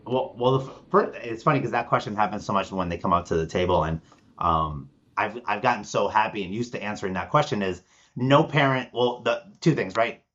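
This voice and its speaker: Animated man from Argentina, lo-fi sound. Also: lowish voice, a little fast. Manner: animated storyteller, acts out quoted voices. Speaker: guest. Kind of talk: podcast interview.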